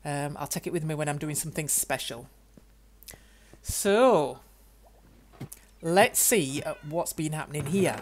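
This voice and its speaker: An older woman, chatting excitedly to herself as she plays a video game. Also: low voice, unhurried, long pauses, slight background noise. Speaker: gaming YouTuber. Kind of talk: game commentary.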